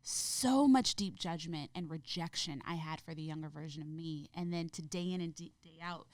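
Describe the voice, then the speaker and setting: A woman speaking as a podcast guest in an earnest, gentle, heartfelt way. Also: sits low, moderate pace, dry recording, studio quality. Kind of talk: reflective interview conversation.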